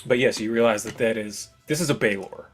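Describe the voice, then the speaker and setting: A man narrating as game master in a relaxed, chatty way. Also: lowish voice, brisk, slightly rough, faint music behind.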